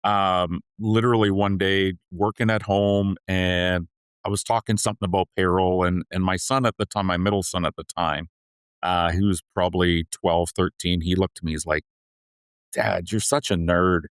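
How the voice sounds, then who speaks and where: A man's voice: deep voice, level tone, moderate pace, clear, resonant tone, no echo. A man guest on a podcast, chatting in an earnest, upbeat way with frequent restarts. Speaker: podcast guest, payroll leader. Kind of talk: casual interview chat.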